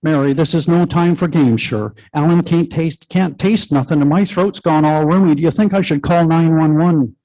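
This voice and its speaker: Man playing an older woman, fretful, worried rush, mellow tone, live story reading. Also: a little high, lightly acted, rough recording. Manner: fretful, rushing worry. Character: anxious older woman friend.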